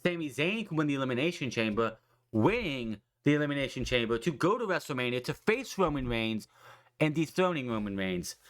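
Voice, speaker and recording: A man's voice: mid-range voice, fairly quick. A man with a mid-range voice talking through a wrestling recap for a podcast. He rambles and restarts, swears casually, and keeps slipping into the wrestlers' lines as he tells it. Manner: excited, rambling, swears freely, acts out quotes. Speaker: podcast host.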